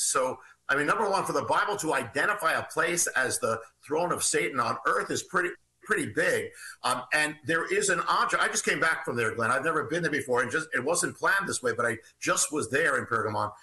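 A man's voice: a little high, animated, brisk, sharp tone, poor audio. A man guesting on a radio show as an author, telling a story at length in an earnest, expansive way. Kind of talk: radio interview, explaining a story.

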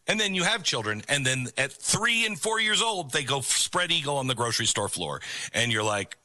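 A man's voice: mid-range voice, sing-song, moderate pace, pushed and bright, no room sound. A middle-aged man hosting an opinion commentary show, talking in an emphatic, preachy way about a video clip. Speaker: commentary host.

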